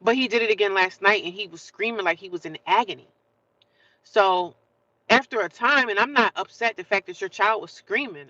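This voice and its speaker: A woman's voice: fairly low pitch, pushed and bright, muffled recording. A woman hosting a casual livestream, talking straight to her viewers, greeting them by name and often repeating herself as she goes. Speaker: livestream host.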